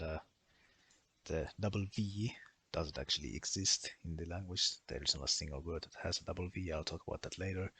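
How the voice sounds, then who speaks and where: In a language-lesson voice-over, a man methodically works through pronunciation rules, listing example after example. His very deep voice has vocal fry and sounds pushed, bright, and slightly rough.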